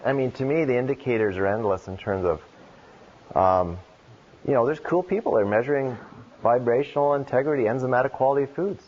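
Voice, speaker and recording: Earnest rambling man, husky lo-fi recording. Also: mid-range voice, expressive, brisk, a little mellow. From Canada. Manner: earnest, rambling, with restarts and rhetorical questions. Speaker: keynote speaker. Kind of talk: conference Q&A answer. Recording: dull lo-fi lecture recording.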